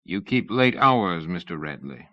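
A man voicing a pompous, sullen middle-aged gentleman who speaks huffily, in an audiobook reading. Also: low-pitched, expressive, measured pace, no room sound, lo-fi sound. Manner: pompous, huffy.

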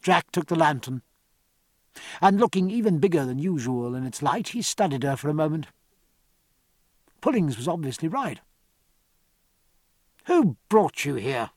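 A man reads a seafaring novel aloud with a measured, even delivery. His voice sits slightly high for a man and the studio sound is dry and close. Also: no room sound. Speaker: audiobook narrator. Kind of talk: scripted narration.

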